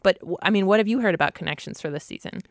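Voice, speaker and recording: A woman's voice: medium pitch, no echo. Chatty woman podcast co-host, dry close sound. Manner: chatty, enthusiastic, quick asides. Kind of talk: casual chat. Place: local, but not a Minnesota native.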